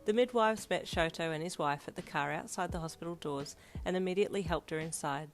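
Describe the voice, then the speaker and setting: A woman reading fanfiction aloud in a steady storybook narration. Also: low voice, a little fast. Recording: soft lofi piano behind.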